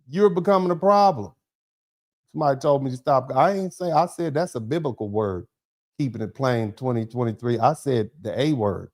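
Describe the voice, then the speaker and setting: A middle-aged man hosting a commentary show, talking bluntly and heatedly with many rhetorical questions. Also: a little high. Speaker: show host. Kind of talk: casual commentary.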